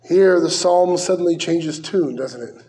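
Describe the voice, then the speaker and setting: Male pastor, high-pitched, conversational verse-by-verse sermon delivery with rhetorical questions. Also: a little slow, warm tone.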